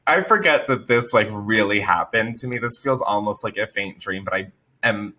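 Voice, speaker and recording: Animated, swearing male storyteller. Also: lowish voice, unhurried. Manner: animated, swears a lot, jumps into loud shouting impressions. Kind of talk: casual storytelling chat.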